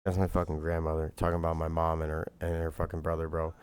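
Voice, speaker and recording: A man's voice: low voice, little pitch movement, fast talker, hardly any pauses, darkish tone, clean tone. A man streaming live, talking in a rambling, profane and heated way, with "bro" and "like" at every turn. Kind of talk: livestream monologue.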